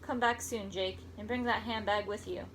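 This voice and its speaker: A woman's voice: mid-range voice, fairly even intonation, normal speed, a little hiss or hum, lightly acted, poor audio. A woman voicing an upset, sarcastic teenage girl who pleads with urgency. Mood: pleading.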